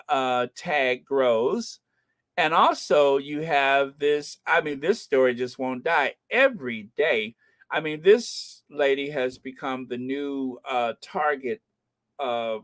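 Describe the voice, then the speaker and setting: Casting: middle-aged American male host, slow unhurried delivery, chatty and rambling, fond of joking asides. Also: medium pitch, fairly bright tone. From United States. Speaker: host of a royal news channel. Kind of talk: casual commentary.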